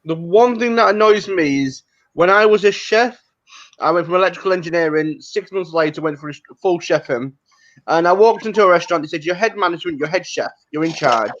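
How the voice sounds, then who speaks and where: A man's voice: high voice, fairly quick, a bit bright. A man with a Northern English accent chatting bluntly and dropping British slang. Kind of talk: casual chat. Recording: dull lo-fi audio.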